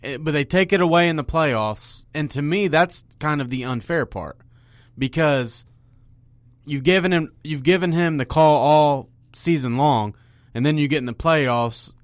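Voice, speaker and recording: Higher-pitched man arguing sports, dry mic. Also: a little slow, no room sound. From Ohio. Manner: argumentative, talks over his co-host, gets loud when excited. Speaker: podcast co-host. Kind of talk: casual sports debate.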